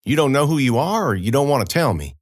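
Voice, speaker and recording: A man's voice: medium pitch, very animated, quick pace, dry recording, studio quality, voice pushed up. A man voicing a tough young rural farm woman, talking in a folksy, coaxing drawl.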